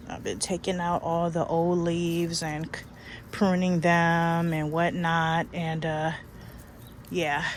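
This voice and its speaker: A chatty woman from California, USA, with a lowish voice vlogs casually to the camera about gardening, amid background noise. Folksy in manner, she calls her viewers y'all and child while moving through store aisles and an outdoor garden.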